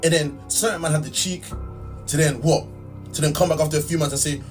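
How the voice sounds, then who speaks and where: A man's voice: a little high, fast, recorded from a distance, soft background music. A young man ranting to camera in an exasperated, heated way, full of slang. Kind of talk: ranting vlog.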